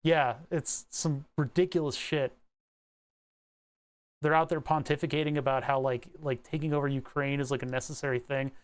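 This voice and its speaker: A man's voice: medium pitch, fairly even intonation, normal speed, smooth. A man livestreaming, chatting casually while working on electronics, rambling with profane, laughing asides.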